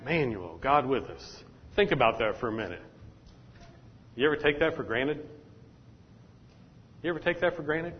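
Speaking at a normal speed with lively intonation, frequent pauses, and a breathy edge, a man with a medium-pitched voice preaches as pastor. He addresses the congregation directly and keeps repeating his points, call-and-response style, recorded in a dull, echoey hall.

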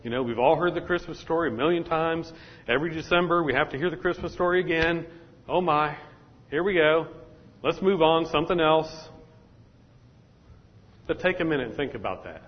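A man with a fairly high voice preaches at a normal pace, leaving long pauses. As pastor he speaks directly to the congregation, going back over his points in a repetitive call-and-response way, and the hall recording sounds dull and echoey.

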